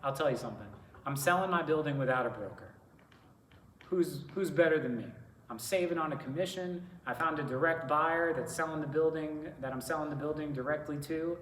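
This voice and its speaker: A man's voice: fairly high pitch, a little fast, fairly bright tone, reverberant, far from the mic, a little hiss or hum, lightly acted. A man putting on the voice of a blunt, teasing older male building owner on a phone call. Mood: needling.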